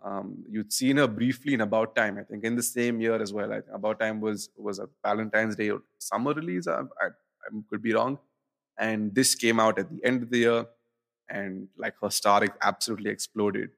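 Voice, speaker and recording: A man's voice: fairly low pitch, moderate pace, creaky, fairly bright tone. A man co-hosting a podcast, chatting casually about films and rambling through fillers and restarts. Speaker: podcast co-host. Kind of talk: casual film chat.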